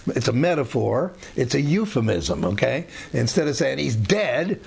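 Gravelly man teaching scripture casually. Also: medium pitch, big pitch swings, normal speed, darkish tone. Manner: conversational, rambling, with frequent restarts and asides. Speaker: Bible teacher. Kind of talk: informal Bible teaching.

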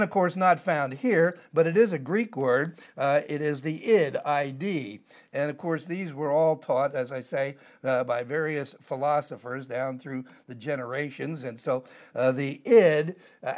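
An older man teaching a Bible passage verse by verse, explaining word by word and wandering into side topics with many "uh" fillers. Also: mid-range voice. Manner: digressive, explanatory, frequent "uh" fillers.

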